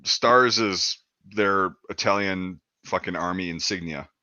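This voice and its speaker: A man's voice: low-pitched, a little slow, bright, forceful tone, dry recording. A man in his thirties telling a rambling story in casual chat, swearing often and acting out quotes. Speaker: podcast host.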